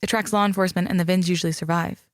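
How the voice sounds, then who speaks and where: A man's voice: high voice, fairly even intonation, very fast, dry recording, lightly acted. A man reading a wry young woman coroner. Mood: explaining. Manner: dry, teasing banter.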